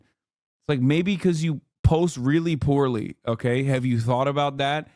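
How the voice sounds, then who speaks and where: A man giving casual live-stream commentary in an incredulous, profane, animated rant as he reacts to videos. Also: medium pitch, measured pace, dry recording, studio quality.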